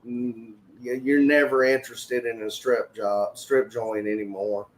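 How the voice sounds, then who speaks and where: A man's voice: medium pitch, flat delivery, a little slow. A man telling rambling stories in a casual chat, laughing as he goes. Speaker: regular on a morning chat show.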